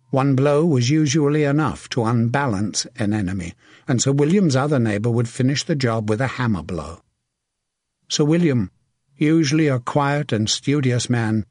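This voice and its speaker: A man reading a historical battle story as a steady, vivid audiobook narrator. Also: mid-range voice, no room sound, studio quality.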